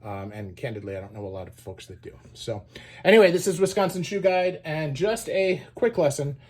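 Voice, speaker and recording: A man hosting his own channel, giving a relaxed show-and-tell explanation with lots of fillers as he points things out. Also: on the high side, a little fast, breathy edge. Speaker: shoe channel host.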